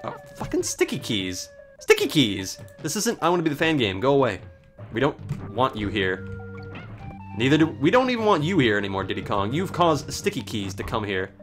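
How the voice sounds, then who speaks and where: A man's voice: medium pitch, wildly swooping pitch, normal speed, soft background music. A man giving casual, sarcastic commentary while he plays a video game, joking and swearing at it. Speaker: let's play host.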